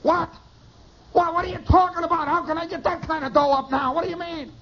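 A man playing an agitated man shouting into a payphone about money, in a high strained voice, on a lo-fi recording. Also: steady tone, a little fast. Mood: frantic.

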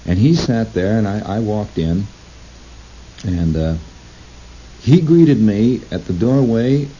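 Male radio talker, deep mellow voice, meandering monologue, dull lo-fi sound with light hiss. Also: lively intonation. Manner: digressive, halting, with restarts and acted-out quotes. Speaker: radio broadcaster. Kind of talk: rambling storytelling monologue. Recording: lo-fi recording with faint hiss.

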